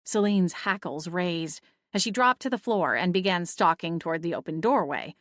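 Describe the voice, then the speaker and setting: A woman reading first-person audiobook narration in a steady storytelling manner. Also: lowish voice, moderate pace, dry recording, studio quality.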